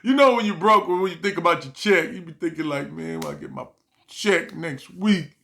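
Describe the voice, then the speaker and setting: A man's voice: on the high side, moderate pace, creaky, pushed and bright. A middle-aged man talking casually to the camera, telling stories from his life, laughing often and acting out what people said. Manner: laughs often, acts out quotes. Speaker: vlogger. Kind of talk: casual storytelling monologue.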